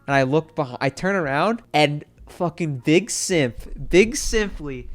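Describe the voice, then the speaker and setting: A man's voice: on the high side, animated, measured pace. Rambling young man telling a story. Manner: rambling, swears freely, many fillers. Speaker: streamer. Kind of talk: casual storytelling chat.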